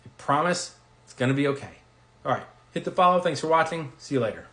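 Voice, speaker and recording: An energetic man talks investing straight to camera in a fairly high, reassuring voice. He acts out quick quoted reactions along the way. The room around him rings with noticeable echo. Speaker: investing video creator. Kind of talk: direct-to-camera finance talk. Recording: roomy echo.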